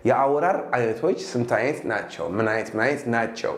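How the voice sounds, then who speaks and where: A man with an Ethiopian accent, a native Amharic speaker, teaching English in a casual, animated lesson that mixes in Amharic and plenty of laughter. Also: mid-range voice, racing, reverberant.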